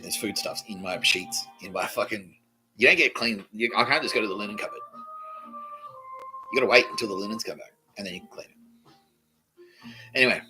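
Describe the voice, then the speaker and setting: A man hosting a podcast, telling a rambling comic story with lots of swearing and animated delivery. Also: lowish voice, low-quality recording. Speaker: podcast host. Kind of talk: comedic storytelling monologue.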